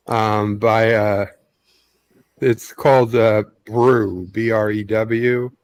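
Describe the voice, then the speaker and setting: A man in a casual live-stream chat, speaking haltingly with many ums and uhs. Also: lowish voice, steady tone, clear, resonant tone.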